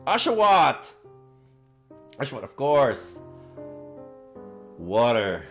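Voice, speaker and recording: A male streamer chatting casually with viewers on a live stream, halting with many fillers and quick bursts of excitement. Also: mid-range voice, soft background music.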